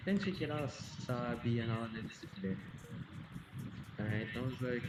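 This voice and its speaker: A man's voice: normal speed, pauses often. A man streaming a game, telling a long personal story in a rambling way, repeating and restarting phrases, and swearing casually. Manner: bursts out louder and higher at the game. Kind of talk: casual storytelling while gaming. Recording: roomy echo with loud music.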